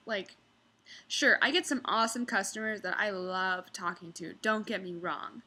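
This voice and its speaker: Young woman server venting to camera, bright voice, mocking impressions of diners. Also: medium pitch, normal speed. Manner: ranting, mocking customers in exaggerated voices. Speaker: restaurant server. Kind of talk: casual storytelling vlog.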